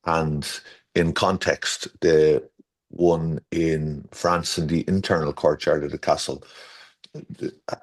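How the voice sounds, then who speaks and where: A man with a deep, low voice chats casually as an interview guest. He rambles, restarts his sentences and drifts into storytelling asides, correcting himself as he goes. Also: level tone, takes it slowly. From Ireland. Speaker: garden designer guest.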